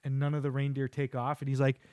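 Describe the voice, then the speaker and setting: A man's voice: mid-range voice, completely flat delivery, darkish tone, clear, resonant tone, no room sound. Dad chatting with his son. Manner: retelling scenes with quick quoted voices. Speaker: podcast host. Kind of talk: casual chat with his son.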